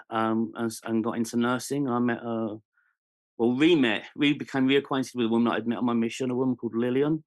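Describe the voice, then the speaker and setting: With a mid-range, fairly bright voice, this Englishman in his forties recounts his life as a podcast guest. He's candid, earnest and searching, his British English speech full of ums and restarts.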